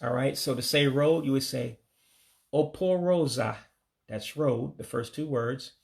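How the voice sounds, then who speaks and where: An American man giving a casual vocabulary lesson, saying each word slowly, repeating it, then giving its English meaning. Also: mid-range voice, fairly even intonation, gravelly. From United States. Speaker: language learner teaching vocabulary.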